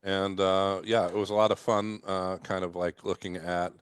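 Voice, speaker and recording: A man, a distiller guest on a radio show, explaining in a measured, hesitant way. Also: sits low, little pitch movement, clean tone, no room sound. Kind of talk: casual radio chat.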